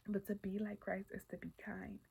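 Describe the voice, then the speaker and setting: Woman, breathy husky voice, earnest devotional talk, soft near-whisper stretches, candid and animated in places, mid pitch. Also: normal speed, poor audio. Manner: grows loud and animated when telling personal stories. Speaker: Christian speaker. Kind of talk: casual devotional encouragement.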